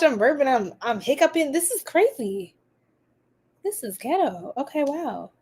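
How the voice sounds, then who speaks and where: A woman hosting a live tarot reading for her stream, chatty and sassy, greeting viewers by name and exclaiming at the cards. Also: high-pitched. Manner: animated, exclaims often.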